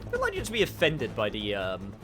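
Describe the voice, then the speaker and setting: A man casually commenting on his game as he streams it, rambling and chatty with sudden excited outbursts. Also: mid-range voice, fairly quick. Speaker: gamer streaming a playthrough. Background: game music.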